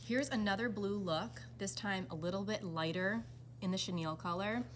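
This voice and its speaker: A woman giving an enthusiastic, relaxed walkthrough of furniture fabric pairings. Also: mid-range voice, normal speed, a little hiss or hum. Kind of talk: product walkthrough.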